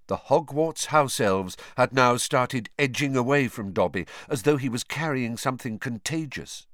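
A male narrator performs scripted audiobook narration in a vivid storytelling style, at medium pitch and a moderate pace with hardly any pauses. The recording is dry and clean, studio sound.

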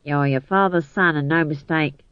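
A man's voice: a little high, fairly even intonation, normal speed, fairly bright tone, clean tone, no room sound, dull audio, lightly acted. A man voicing a wistful, evasive male troupe boss in an audiobook reading. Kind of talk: audiobook narration.

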